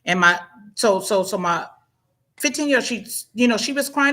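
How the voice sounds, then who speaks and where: A woman's voice: fairly high pitch, animated, moderate pace, sharp tone. A woman in casual talk-show chat, telling a personal story with many restarts and rising emotion.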